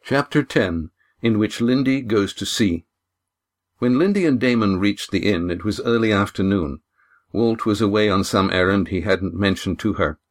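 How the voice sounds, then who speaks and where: Deep-voiced male audiobook narrator. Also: moderate pace.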